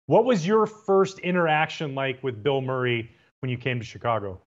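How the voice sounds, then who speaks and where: A man's voice: mid-range voice, normal speed. A man hosting a casual interview, eager and rambling through his questions, often repeating words. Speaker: podcast host, former pitcher. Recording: dull lo-fi sound.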